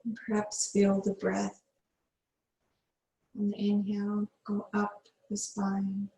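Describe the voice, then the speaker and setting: A woman yoga teacher guiding a slow yin yoga meditation, giving soothing breath cues with long pauses. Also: medium pitch, monotone, warm tone, echoey room, poor audio.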